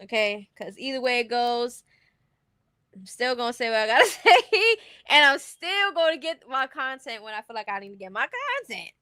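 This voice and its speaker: A high, bright woman's voice, talking straight into a close, dry mic. She runs a casual livestream commentary, blunt and opinionated, and she laughs through her own remarks. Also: sing-song, normal speed, smooth, no echo. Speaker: commentary streamer.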